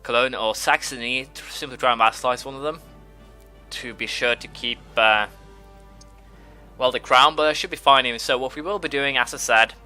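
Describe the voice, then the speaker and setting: A man's voice: mid-range voice, moderate pace, bright, forceful tone, soft background music. A man hosting a strategy-game let's play, thinking aloud with many fillers and restarts while he has the hiccups. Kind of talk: gameplay commentary.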